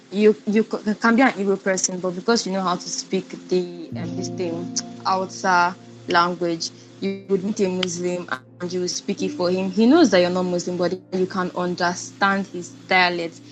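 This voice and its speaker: A woman with a Nigerian accent hosting and moderating a book club discussion in a brisk, conversational way. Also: fairly low pitch, flat delivery, over music, rough recording.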